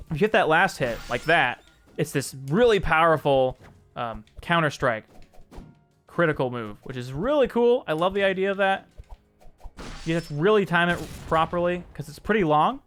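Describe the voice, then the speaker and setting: A man with a slightly high voice chats casually through a live stream, answering viewers as he shows off a game. He often restarts and corrects himself mid-sentence. Faint music plays behind him. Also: fairly bright tone. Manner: chatty, answers chat messages, frequent restarts and self-corrections.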